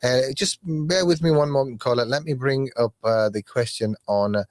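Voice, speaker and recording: A man hosting a live radio show in a studio, chatting casually and joking with callers, with lots of halting fillers. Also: medium pitch, no echo. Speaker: radio host.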